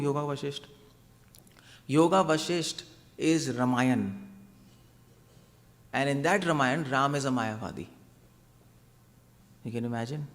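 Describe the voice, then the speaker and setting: A man's voice: mid-range voice, in a large hall. A man giving a devotional lecture as a preacher, conversational and often asking his audience questions. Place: temple hall.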